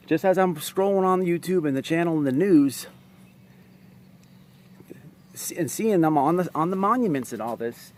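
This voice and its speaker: A man's voice: on the high side, a little mellow. Blunt, profane man telling stories. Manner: blunt, profane, streetwise storytelling. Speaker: vlogger. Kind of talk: casual storytelling to camera.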